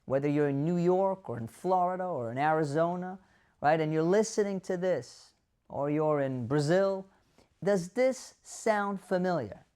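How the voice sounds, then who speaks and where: A doctor speaks straight to camera with advice for dementia caregivers, posing rhetorical questions and acting out the voices he quotes. He's animated, his voice on the high side, unhurried, with a clean tone.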